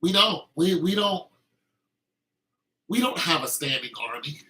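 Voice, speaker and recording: Guy ranting on his podcast, kinda high voice, bright and pushy, keeps restarting sentences. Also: lively intonation, measured pace, low-quality recording. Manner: heated and emphatic, with frequent restarts. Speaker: podcast host. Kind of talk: opinionated casual monologue.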